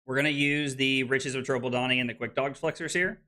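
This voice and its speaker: A man's voice: medium pitch, fairly even intonation, a little fast, sharp tone. A man casually commentating his own card game on a live stream, frustrated and swearing, with hiccups and something stuck in his throat.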